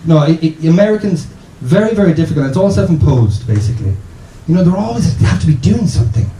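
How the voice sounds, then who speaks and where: A man's voice: on the high side, very animated, fast talker, dark tone, roomy sound, a little hiss or hum, poor audio. An Irish man in his thirties doing a rambling, self-interrupting stand-up comedy set in a small bar venue. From Ireland.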